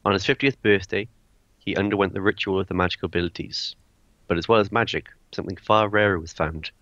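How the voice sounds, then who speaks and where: A man's voice: sits low, steady tone, fast, fairly bright tone, no echo. A man reading a character backstory aloud at a tabletop game, often close to laughing. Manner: reads aloud, breaking into laughter. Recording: dull lo-fi sound, dry.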